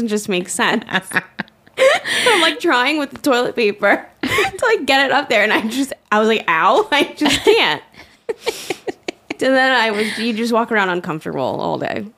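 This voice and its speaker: A woman's voice: a little high, animated, a little slow, fairly bright tone, breathy edge. Chatty young woman who swears and laughs. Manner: chatty, swears freely, laughs often, acts out quotes. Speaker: podcast co-host. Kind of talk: casual chat.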